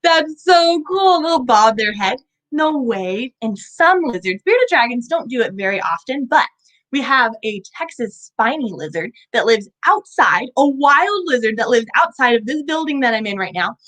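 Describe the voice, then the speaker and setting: A woman's voice: a little high, expressive, moderate pace, a bit bright, rough recording. A woman teaching children about animals in a bubbly, sing-song way, often asking them questions. She is indoors at an animal center. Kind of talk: kids' lesson.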